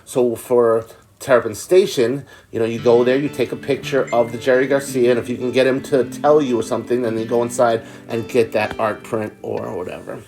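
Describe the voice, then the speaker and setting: A man's voice: medium pitch, steady tone, a little fast, darkish tone. A man hosting, talking through business plans in an eager, rambling way. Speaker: host. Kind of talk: casual planning chat. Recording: talk over music. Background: music.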